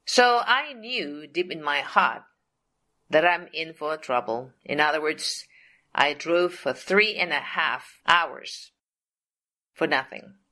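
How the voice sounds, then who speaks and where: Middle-aged woman, testimony storyteller, very unhurried delivery, bright forward tone, leans on repeated phrases. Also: low voice. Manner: slow, deliberate, repeats phrases for emphasis. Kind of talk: personal faith testimony.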